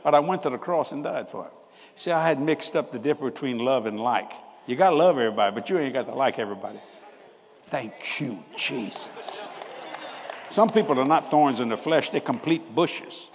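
Older man preaching with laughs, lively pitch. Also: brisk. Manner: folksy, laughs often, swings between loud bursts and hushed asides. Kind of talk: humorous storytelling sermon. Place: church hall. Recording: hall reverb with faint background noise.

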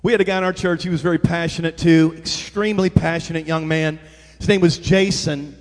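High-voiced preacher in an echoey hall. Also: male voice, a little fast. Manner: energetic storytelling with call-and-response to the crowd. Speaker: pastor. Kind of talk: sermon. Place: church sanctuary.

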